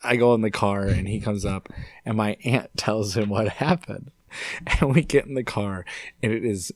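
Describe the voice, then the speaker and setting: A young man from upstate New York, a podcast guest telling a story in a casual, animated way and swearing freely. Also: fairly low pitch, moderate pace, dry recording. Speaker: podcast guest, singer-songwriter.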